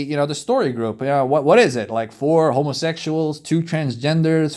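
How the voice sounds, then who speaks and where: Brief: male movie reviewer, slightly higher voice, profane exasperated rant. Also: moderate pace, hardly any pauses, a little mellow. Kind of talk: ranting movie review vlog.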